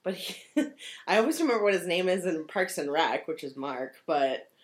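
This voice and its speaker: A woman in casual chat about a film, animated, laughing often and acting out quotes from scenes. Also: lowish voice, normal speed.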